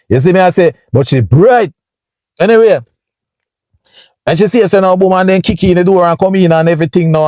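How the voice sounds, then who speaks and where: A man's voice: dark tone, no echo, studio quality. A man with a Jamaican accent telling a story casually to his viewers, often checking in with "you see me" and acting out sounds. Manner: chatty, keeps addressing viewers with "you see me" and "people"; acts out sounds and voices with big jumps up in pitch. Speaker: storytime vlogger.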